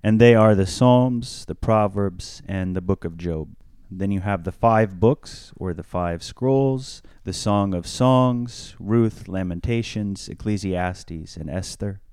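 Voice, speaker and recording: A man, a priest, explaining scripture on a podcast in a measured, teacherly way, stressing key words. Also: sits low, darkish tone, clear, resonant tone, no room sound, clean studio sound.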